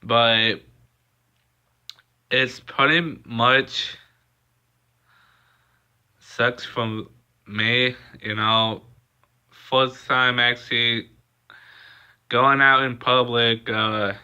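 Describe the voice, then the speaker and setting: A young man vlogging a personal story in a casual, halting way, with lots of pauses and fillers. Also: mid-range voice, fairly even intonation, sharp tone, smooth. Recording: dull lo-fi recording.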